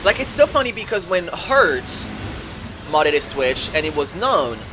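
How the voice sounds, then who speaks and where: Over a noisy background, this livestreamer speaks at medium pitch, unhurried but very animated, ranting about competitive gaming. They swear heavily and sound indignant, stumbling through fillers and restarts while sarcastically quoting and mocking others.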